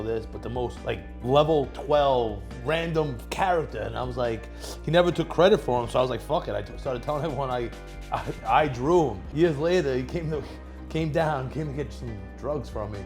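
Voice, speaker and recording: A man's voice: medium pitch, darkish tone. A man, telling crude, rambling stories as he hosts a comedic cooking show, laughing at his own jokes.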